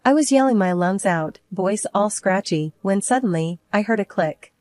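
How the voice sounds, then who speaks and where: Brief: female narrator, tense dramatic first-person storytelling, close and dry, mid pitch. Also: expressive, normal speed, darkish tone, no room sound.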